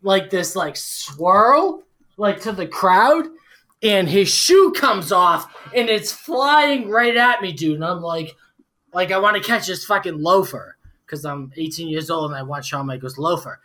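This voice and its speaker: A man's voice: high-pitched, animated, a little slow, pushed and bright. A tipsy man in his forties, a podcast guest, telling a story in a casual, profane way with lots of fillers. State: tipsy from drinking.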